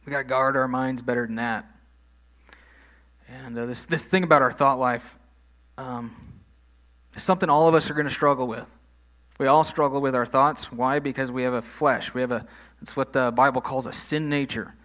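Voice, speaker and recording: A man's voice: mid-range voice, fairly even intonation, moderate pace, a bit bright. A man preaching a sermon in a conversational way, leaning hard on key phrases. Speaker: pastor.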